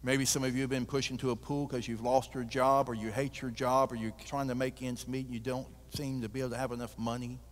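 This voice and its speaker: Male guest preacher, folksy and animated, mid pitch, long church reverb. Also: fast talker, few pauses. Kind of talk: sermon with storytelling.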